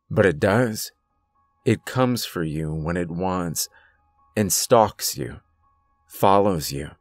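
A man voicing a stern, secretive grandfather who gives grave, hushed warnings. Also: low-pitched, no room sound. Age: older.

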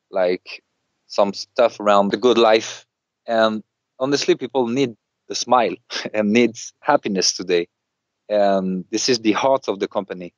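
A man's voice: lowish voice, no echo, highs cut off. A man with a French accent, a native French speaker, answering interview questions about the business he is selling, searching for his words in English. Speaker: business seller.

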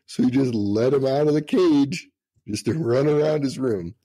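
A man's voice: mid-range voice, normal speed, mellow, breathy edge. A middle-aged man, a retired senior master sergeant, telling profane, laughing anecdotes in casual storytelling.

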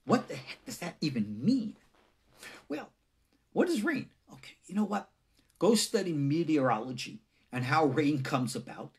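With a slightly rough, sing-song voice at normal speed, a rabbi teaches a lesson conversationally and puts rhetorical questions to listeners. His pitch swings widely as he performs quoted lines, and now and then he falls to a near-whisper.

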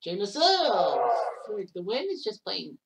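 A woman casually calling the shots in a golf video game, chatty and quick to blurt out exclamations. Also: lowish voice. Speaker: game commentator. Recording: distant mic with loud background noise.

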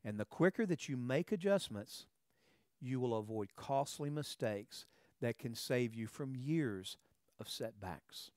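A man's voice: mid-range voice, expressive, unhurried, darkish tone, no echo, clean studio sound. A man preaching a sermon in a conversational way, often checking in with "all right" and "okay" and repeating words as he starts a phrase. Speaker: pastor.

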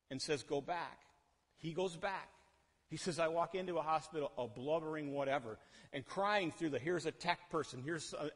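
A male pastor preaching a sermon, lively and animated, often asking the congregation questions and acting out the people he quotes. His voice sits a little high for a man. It rings out with a long reverb in a church hall. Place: church sanctuary.

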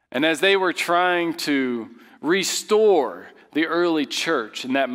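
Animated pastor preaching in a reverberant hall. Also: male voice. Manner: animated, swings from loud emphatic to quiet low. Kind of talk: sermon. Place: church sanctuary.

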